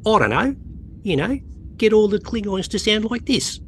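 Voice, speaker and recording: A man with an Australian accent, co-hosting a podcast in a jokey, animated casual chat. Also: sits high, moderate pace, slight background noise. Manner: jokey, animated, breaks into silly voices. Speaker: podcast co-host.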